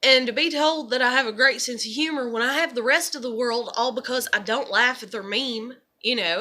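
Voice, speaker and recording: A young woman vlogging in an unplanned, rambling monologue, an animated storyteller who fills her talk with "you know". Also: fairly high pitch, fairly quick.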